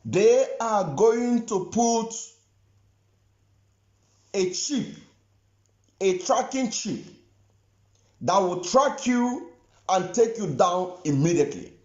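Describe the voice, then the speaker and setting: Emphatic man, high lively voice. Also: takes it slowly, pauses often, roomy sound, lo-fi sound. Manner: emphatic, repeats phrases, fires rhetorical questions. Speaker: political commentator. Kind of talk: live-stream commentary.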